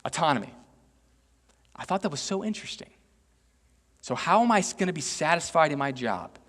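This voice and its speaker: Lively intonation marks this Texas pastor's high-leaning, fairly quick and fairly bright voice as he delivers a chatty, self-mocking sermon. He keeps tossing "right?" to the congregation in an echoey church sanctuary.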